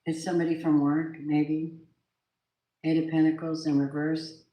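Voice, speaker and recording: A woman's voice: low-pitched, little pitch movement, normal speed, mellow, reverberant, a little hiss or hum, poor audio. A woman doing a live tarot reading, gushing over her viewers and swearing now and then. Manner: effusive, gushing address to viewers, occasional swearing. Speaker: tarot reader.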